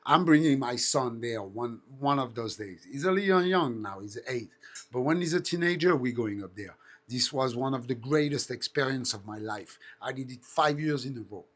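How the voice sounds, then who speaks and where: A man in his thirties with a French accent hosts a casual live stream, his medium-pitched voice animated and a bit bright at a normal speed. He tells stories packed with swearing and imitations of engine noises.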